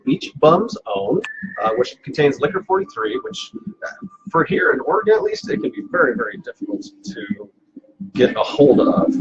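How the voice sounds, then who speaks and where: A man's voice: fairly high pitch, highs cut off, noisy background. Playful man with a bouncing voice. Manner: playful, self-mocking, rambling with fillers. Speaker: cocktail show host. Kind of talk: casual live-stream chat. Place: home.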